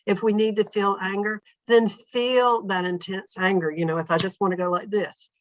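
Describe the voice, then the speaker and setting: A woman's voice: medium pitch, steady tone, moderate pace, no room sound, highs cut off. A woman guest on a podcast talking in a thoughtful, reflective way, often acting out her own inner thoughts as little quotes. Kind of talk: reflective conversational interview.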